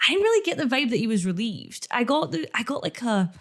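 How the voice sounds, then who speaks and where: A young woman co-hosts a chatty podcast, with a somewhat high voice that leaps around. She laughs often and slips into quoted lines as she tells the story. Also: very animated, quick pace, a bit bright. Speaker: podcast co-host. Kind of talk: casual chat recapping a TV show.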